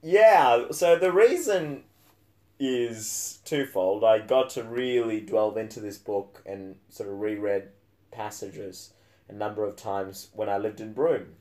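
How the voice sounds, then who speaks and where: A man's voice: lowish voice, takes it slowly, mellow. A man co-hosting a casual book podcast, talking with frequent fillers and restarts and a dry, sarcastic edge. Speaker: podcast co-host.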